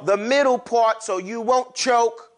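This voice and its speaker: Animated man teaching a class. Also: very high-pitched, a little slow. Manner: animated, drills the class to repeat sounds aloud. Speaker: Quran recitation teacher. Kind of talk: classroom lesson on letter pronunciation.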